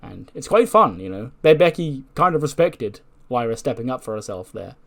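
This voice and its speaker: A man's voice: mid-range voice, big pitch swings, normal speed, gravelly, fairly bright tone. A man giving casual game playthrough commentary, chatty and laughing often as he retells the action. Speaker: gaming video creator.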